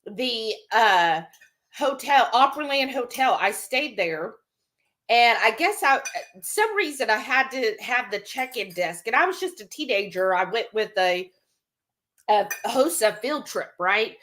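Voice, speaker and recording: Woman host for a live cooking stream, fairly high voice, chatty storyteller reading chat aloud. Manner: chatty storyteller, quick animated asides. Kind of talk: casual chat, reading viewer comments aloud.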